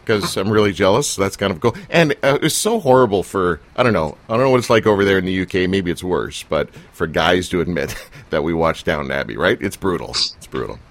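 A man with a fairly low voice hosts a casual, joking interview. He rambles, teases his guest and pads his questions with fillers and asides. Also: animated, brisk. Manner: jokey, teasing, with fillers and laughs. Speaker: interviewer and show host.

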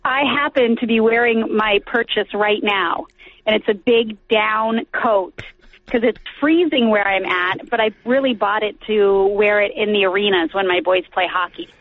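A woman's voice: mid-range voice, normal speed. A woman guest actress chatting casually in an interview, giggly and talkative. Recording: tinny phone line.

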